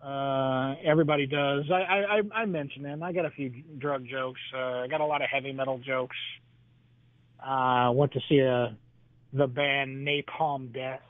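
A man who is a stand-up comedian telling his act in an interview, halting and full of "uh"s, chuckling between jokes. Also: mid-range voice, steady tone, no echo. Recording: dry tinny phone line.

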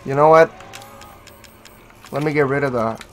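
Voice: medium pitch, moderate pace, a little hiss or hum. A gaming channel host giving let's-play commentary, swearing freely, taunting the enemy and yelping when startled.

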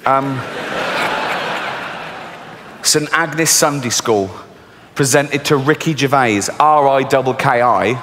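A middle-aged man with an English accent doing a stand-up comedy set, swearing freely and telling dark jokes in a deadpan way. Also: medium pitch, takes it slowly, pauses often. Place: large theatre stage. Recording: reverberant live theatre recording, faint hiss.

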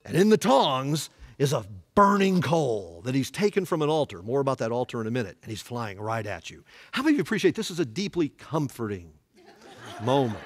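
A man's voice: mid-range voice, fairly quick, in a large hall. A man teaching a church Bible study, asking the room questions as he goes. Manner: animated, asks the room questions. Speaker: pastor.

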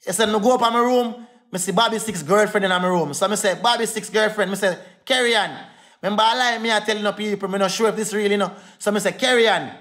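A man's voice: high voice, steady tone, fast talker, fairly bright tone. A young Jamaican man in a heated livestream rant, defiant and repetitive, calling out to his viewers.

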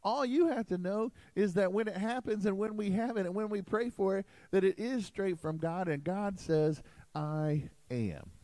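Emphatic, animated preaching man. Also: high voice, moderate pace, few pauses, no echo, low-quality recording. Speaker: pastor. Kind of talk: sermon. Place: church sanctuary.

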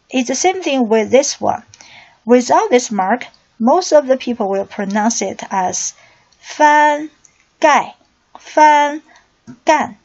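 Slow, high-voiced woman teaching pronunciation. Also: a little mellow. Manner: slow, deliberate explaining with drilled syllable readings. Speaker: Chinese language teacher. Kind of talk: pronunciation lesson. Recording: dull lo-fi recording.

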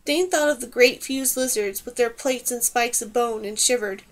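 A woman narrating a fantasy audiobook in a measured, even reading. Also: on the high side.

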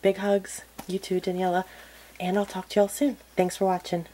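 A woman hosting a crafting channel, chatting casually to viewers in a soft, gushing way that often drops to a murmur. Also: medium pitch, level tone, normal speed, a little hiss or hum, poor audio. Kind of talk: casual unboxing chat to viewers.

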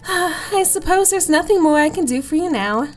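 A woman's voice: sits high, expressive, measured pace, pitched above the performer's own voice. A woman reading the lines of a grumpy, blunt nurse in a game, speaking in a dry, curt way.

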